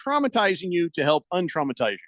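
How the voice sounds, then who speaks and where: A man's voice: high-pitched, big pitch swings, fast talker, fairly bright tone. A man hosting a radio show, joking and reading listener comments aloud in casual banter.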